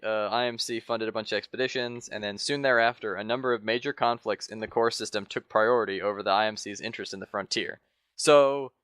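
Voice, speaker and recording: A man's voice: on the low side, a bit bright, clean tone, no room sound, clean studio sound. A man co-hosting a podcast in casual chat, rambling and swearing casually with many fillers. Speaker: podcast co-host.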